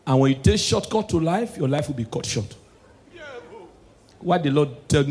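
Nigerian guy doing standup, high voice, gets loud and excitable on the punchlines. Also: moderate pace. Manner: excitable, shouts punchlines, switches to Pidgin. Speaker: stand-up comedian. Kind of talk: live stand-up comedy.

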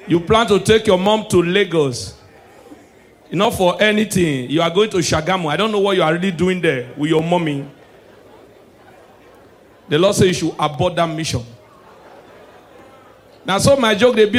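A male stand-up comedian with a Nigerian Pidgin accent works the crowd in a high-pitched voice. He drops into low, preachy asides, then bursts into loud, shouted punchlines. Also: normal speed, long pauses.

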